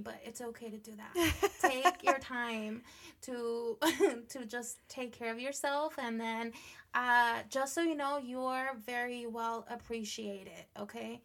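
Woman co-host, casual podcast chat, gravelly fry, a bit high, blunt and profane, laughs a lot. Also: a bit bright. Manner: frank and profane, laughs often.

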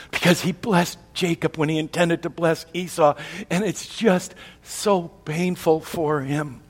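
A male preacher, husky-voiced, telling a story from the pulpit with dramatic swings in volume. Long reverb of a large hall hangs on his words. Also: fairly high pitch, fairly even intonation, measured pace. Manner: dramatic, swings between soft and loud. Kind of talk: sermon retelling a story.

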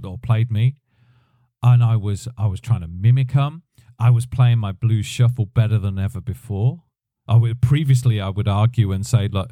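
Chatty man, low mellow voice. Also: no echo, studio quality. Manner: rambling, self-correcting, chatty. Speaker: podcast host, drummer. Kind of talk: casual storytelling.

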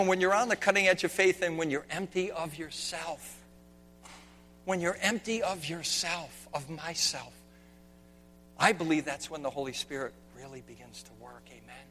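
A man's voice: a little high, slight background noise. Impassioned preacher man, big echoing hall. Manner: impassioned, swings from hushed to shouting. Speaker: pastor. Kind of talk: sermon with slides.

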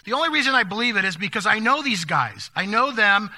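An older male pastor telling stories from the pulpit in a high, very bright voice. He talks conversationally, stopping and restarting often, and goes hushed at the sad moments. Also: lively intonation, fast. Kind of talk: sermon storytelling.

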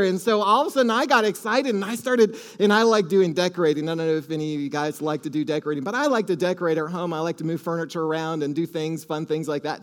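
A man preaching a sermon, telling a story with lively swings between hushed asides and loud excited exclamations, calling out to the congregation. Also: sits high. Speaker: pastor. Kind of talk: sermon with audience call-and-response.

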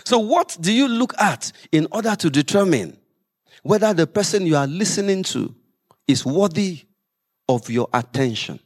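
A man preaching a sermon as pastor, lively with humorous asides. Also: high-pitched, moderate pace.

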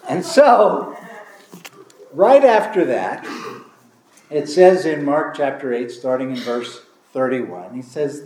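A man's voice: mid-range voice, animated, takes it slowly, long pauses, darkish tone, slight background noise. A man preaching a sermon as a pastor, speaking in a conversational, storytelling way and acting out dialogue. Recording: echoey room.

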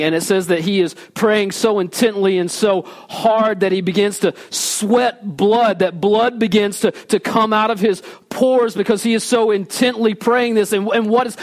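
Casual higher-voiced male pastor preaching. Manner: casual and animated, often asks the audience "right?"; drops to a quiet low voice for emphasis. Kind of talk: conversational sermon. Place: church service.

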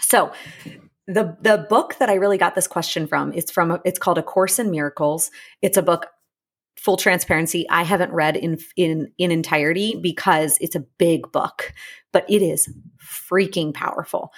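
A woman relationship coach talks through her podcast in a somewhat low, husky voice. She is earnest and chatty, wanders into asides, then slows down to say her key lines twice. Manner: earnest, repeats key lines slowly for emphasis. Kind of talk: casual podcast monologue.

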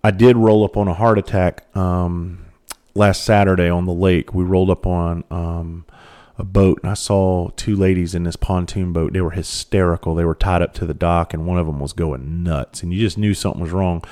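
A man's voice: low voice, steady tone, moderate pace, mellow. A middle-aged man, talking bluntly in a casual monologue and swearing freely.

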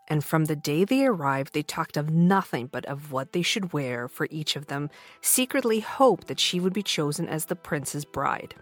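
A woman reading a fairy tale for children in a slightly low voice, full of lively ups and downs. Her delivery is gentle and expressive, with soft music under her. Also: husky. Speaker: storytime host. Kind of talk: children's story narration.

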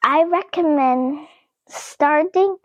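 Woman as a clever little guinea pig girl, storybook, bossy, brisk, high voice. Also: no room sound. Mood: scheming.

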